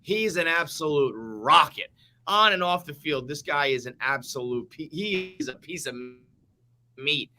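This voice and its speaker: Bright-voiced joking male podcast host. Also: on the high side, unhurried, slight background noise. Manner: animated, joking, heavy swearing. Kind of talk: casual sports podcast banter.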